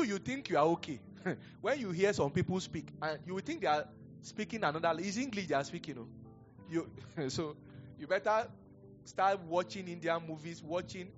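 A middle-aged man with a Nigerian accent, a pastor preaching a sermon in a chatty, rambling way, breaking off into stories with chuckles. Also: a little high. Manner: conversational, digressive storytelling with chuckles. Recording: dull lo-fi sound with faint music.

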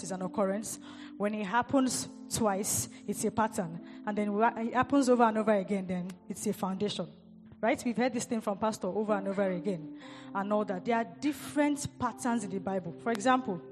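A woman's voice: medium pitch, long reverb tail. A woman giving a sermon, repeating and stressing key words as she builds emphasis. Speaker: preacher.

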